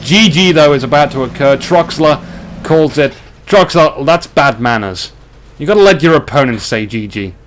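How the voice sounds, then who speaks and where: A man's voice: a little high, moderate pace, a little hiss or hum. Chatty gamer man commentating a match. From Australia. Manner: chatty, excitable, jokey. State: hiccuping. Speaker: game commentator. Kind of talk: live strategy game commentary.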